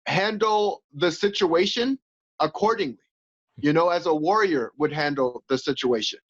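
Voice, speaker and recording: Man, high voice, animated, acts out voices, interview guest, dull lo-fi sound. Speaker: podcast guest, coach and former fighter. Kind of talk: casual interview chat. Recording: dull lo-fi audio.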